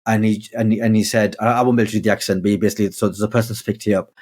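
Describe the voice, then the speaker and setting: A man's voice: on the low side, fairly even intonation, very fast, a little mellow. A man, a podcast guest telling anecdotes in a rambling, casual way, full of restarts. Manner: chatty, rambling with frequent restarts.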